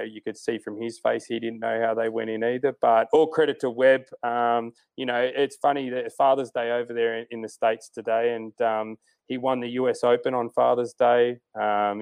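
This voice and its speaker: Male co-host, casual rambling sports chat, mid-pitched, dry close recording. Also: creaky, darkish tone, no echo. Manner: rambling, many fillers and restarts. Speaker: golf podcast co-host.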